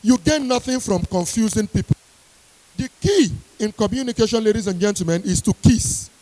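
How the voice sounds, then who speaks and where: A woman's voice: on the high side, moderate pace, dark tone. Lady lecturer giving a pep talk, stern and emphatic, big echoey hall. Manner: emphatic, repeats key lines, stern. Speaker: university lecturer. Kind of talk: motivational speech to an audience. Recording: long hall reverb.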